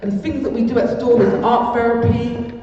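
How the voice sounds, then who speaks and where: Speaking at a community peace event, an older English woman offers a rambling, heartfelt testimony, frequently repeating herself. Her voice is a little high yet dark in tone, steady, and moderately paced. Captured from far off in a large hall, the audio sounds muffled and echoey.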